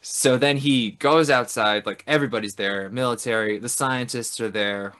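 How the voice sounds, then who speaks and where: Man, podcast co-host, relaxed and profane plot recap. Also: medium pitch, normal speed. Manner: loose and profane, acts out characters' lines. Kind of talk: casual film recap chat.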